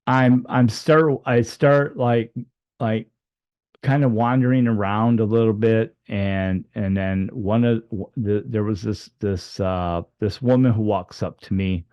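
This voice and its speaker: A man's voice: fairly low pitch, darkish tone, no echo, muffled recording. A man telling a personal story, hesitant with many fillers and restarts.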